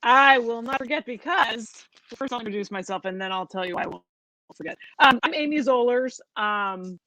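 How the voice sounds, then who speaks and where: A woman's voice: on the high side, normal speed, bright, forceful tone, low-quality recording. A woman co-hosting a poetry live stream over a video call, talking in a friendly, rambling way full of ums. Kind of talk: casual chat.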